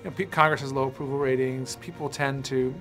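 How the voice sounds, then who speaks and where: A man's voice: medium pitch, level tone, quick pace, fairly bright tone, soft background music. A man in his thirties, an actor chatting in a casual interview, rambling with many fillers and restarts. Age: 30s. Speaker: actor promoting a film.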